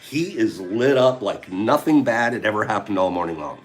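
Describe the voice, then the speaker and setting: An older man hosting a casual talk, telling a fishing story in an animated way, acting out his friends' lines and chuckling as he goes. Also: on the low side, moderate pace, soft background music. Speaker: host.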